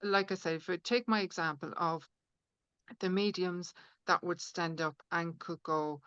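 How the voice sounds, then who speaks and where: A woman's voice: lowish voice, steady tone, unhurried, a bit bright, clean tone, no room sound, dull audio. A woman being interviewed as a spiritual healer, speaking earnestly in a rambling way with many fillers and restarts. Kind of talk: conversational podcast interview.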